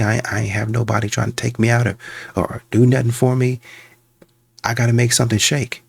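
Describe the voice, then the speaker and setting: A man hosting a reaction channel, commenting casually on a clip and acting out little scenes in animated asides. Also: mid-range voice, fairly quick, vocal fry, husky, no room sound. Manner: animated storytelling with voiced asides.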